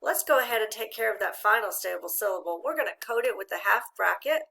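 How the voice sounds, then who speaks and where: A woman teaching a phonics lesson to children, spelling letters out slowly and praising often. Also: mid-range voice, lively intonation, creaky, bright, forceful tone. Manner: slow, drawn-out spelling of letters with encouraging praise.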